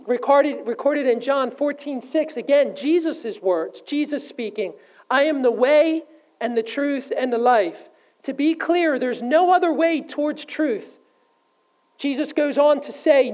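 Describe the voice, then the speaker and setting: A woman preaching a sermon, her voice sitting a little high. She speaks earnestly and keeps turning to her listeners with direct questions. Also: mellow, low-quality recording. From United States.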